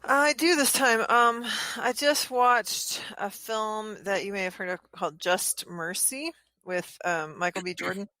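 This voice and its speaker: A woman on a podcast talking casually and earnestly, pausing often with ums as she searches for words. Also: mid-range voice, steady tone, sharp tone, no echo. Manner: halting, many ums, earnest.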